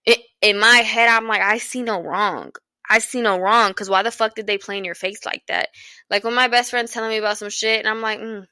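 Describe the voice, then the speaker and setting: A woman's voice: mid-range voice, steady tone, fairly quick, pushed and bright, dry recording, clean studio sound. A young woman in her twenties hosting a casual solo podcast, talking bluntly and profanely in a rambling way. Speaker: podcast host.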